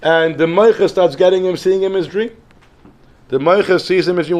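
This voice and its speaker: A man, a rabbi telling a story in a Torah lesson, animated, often repeating and restarting phrases. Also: high voice, brisk. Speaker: rabbi teaching daily Talmud.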